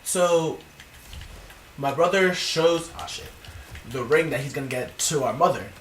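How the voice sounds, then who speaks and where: A young man telling a casual, profane story in an animated storytime vlog, recorded indoors. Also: on the high side, measured pace, slight background noise. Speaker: vlogger. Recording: roomy, distant from the mic.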